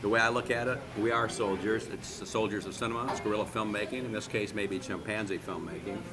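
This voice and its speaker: A filmmaker talking emphatically to the camera, exasperated and insistent. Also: male voice, on the low side, steady tone, fast talker. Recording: crowd noise behind. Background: crowd chatter.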